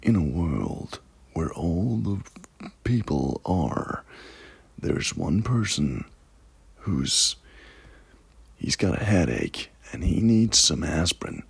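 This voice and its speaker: A man voicing a dramatic male movie trailer announcer, speaking slowly and portentously. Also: deep voice, sing-song, vocal fry, slightly rough, dry recording, exaggerated voice. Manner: slow, dramatic, portentous delivery.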